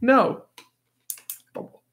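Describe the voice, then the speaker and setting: A man's voice: drawn-out words, phone-quality sound, slight background noise. A man hosting a casual livestream, reading out chat questions with easy chuckles and self-deprecating remarks. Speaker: livestream host. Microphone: new desktop microphone.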